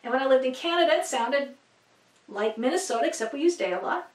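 High-voiced lady rambling through a bible lesson, lots of ums, roomy echo, sounds a bit off-mic. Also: animated, quick pace. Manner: rambling, chatty, many fillers and asides. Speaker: Bible teacher. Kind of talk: casual teaching to camera. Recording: echoey room, distant from mic.

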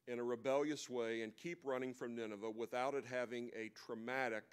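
A man's voice: medium pitch, smooth. Man preaching in a conversational storytelling style. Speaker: speaker at a men's breakfast. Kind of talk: sermon.

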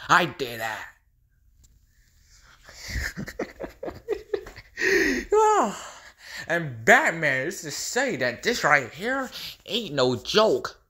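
A man's voice: fairly high pitch, huge pitch swings, slow pace, bright, forceful tone, full character voice. Joker, a man doing a cackling, taunting clown villain. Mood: gleeful. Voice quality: cackling laugh. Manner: taunting, sing-song, swings between whispers and squeals. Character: unhinged male clown villain, taunting and gleeful. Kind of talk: fan impression skit.

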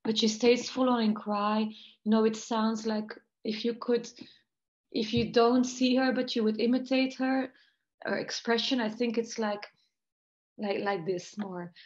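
Speaking a little slowly with little pitch movement, this woman has a slightly high voice on dull audio. A Belgian jazz voice teacher, she gives a thoughtful, analytical English interview on a video call about singing technique, with light laughs between points.

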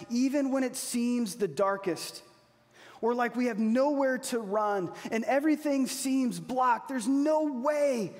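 A man preaching a sermon as pastor, earnest, slowing down to repeat key phrases. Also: very high-pitched. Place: church hall. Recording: long reverb of a large hall.

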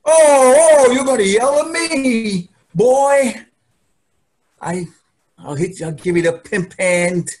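An actor playing a gruff, taunting older grandfather with a New York accent, trading insults on a family video call. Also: very high-pitched, animated, slow, darkish tone, exaggerated voice. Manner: gruff, taunting, laughs at own jabs. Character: cranky old grandfather, brash New Yorker.

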